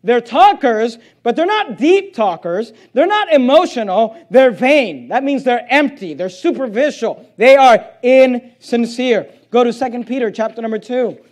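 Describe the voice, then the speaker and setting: A male pastor preaching a sermon, reading aloud and driving points home by repeating phrases and slowing on key words. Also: extremely high pitch, animated, darkish tone.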